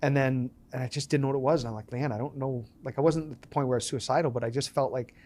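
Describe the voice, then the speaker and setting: A man's voice: medium pitch, rapid-fire. A man in his thirties, a business owner being interviewed, telling stories casually and acting out the dialogue. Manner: animated storyteller, acts out quoted dialogue. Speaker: podcast guest, business owner.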